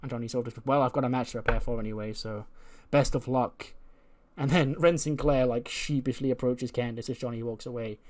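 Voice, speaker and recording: A man casually narrating his wrestling simulation playthrough, jumping between narration and quick put-on lines for each wrestler. His voice sits at an ordinary middle pitch, relaxed and chatty throughout. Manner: acts out every character's lines in quick casual retelling. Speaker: let's play host. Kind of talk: narrating and voicing a wrestling sim story.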